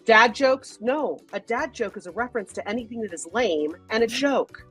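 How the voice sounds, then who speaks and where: Woman cohost goofing around, kinda breathy higher voice, soft music under. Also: normal speed. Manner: animated, joking, swears. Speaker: co-host. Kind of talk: casual banter.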